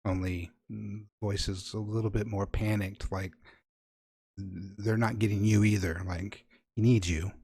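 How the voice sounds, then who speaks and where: Low-voiced man running a horror game. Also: little pitch movement, measured pace, mellow, husky. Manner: wry, improvised narration with playful asides. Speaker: game master. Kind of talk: narrating a tabletop horror game.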